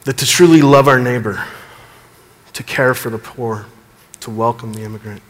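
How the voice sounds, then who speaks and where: A man preaching a sermon as pastor, earnest, building emphasis and dropping low at the ends of phrases. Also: steady tone, moderate pace, in a large hall.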